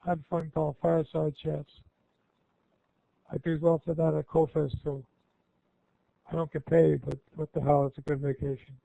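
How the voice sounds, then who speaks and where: A man's voice: on the high side, level tone, moderate pace, creaky, pauses often, warm tone, dry recording. Rambling older man on a tinny line. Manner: rambling, folksy, self-correcting. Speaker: guest speaker. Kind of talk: informal Q&A talk to students.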